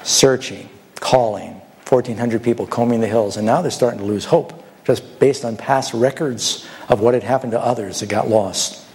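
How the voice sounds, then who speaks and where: A man's voice: medium pitch, moderate pace, a little mellow. A man preaching a sermon in a church, telling a parable with rhetorical questions and little acted-out quotes.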